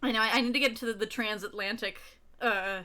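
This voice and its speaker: A woman's voice: fairly high pitch, fairly even intonation, fast talker, pushed and bright. A woman streamer chatting casually and playfully while playing a story game. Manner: giggly, playful. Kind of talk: casual chat during a game.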